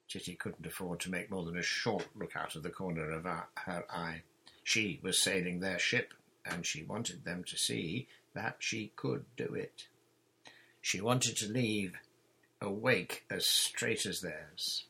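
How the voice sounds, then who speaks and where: Husky low-voiced male storyteller. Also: fairly even intonation, unhurried, bright, forceful tone. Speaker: audiobook reader. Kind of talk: storybook narration.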